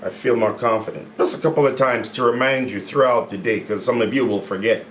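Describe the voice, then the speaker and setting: Upbeat man coaching in an echoey room. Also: medium pitch. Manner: upbeat, repeats phrases, stretches key words slowly. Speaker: mindset coach. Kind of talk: casual motivational talk to camera. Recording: echoey room with faint background noise.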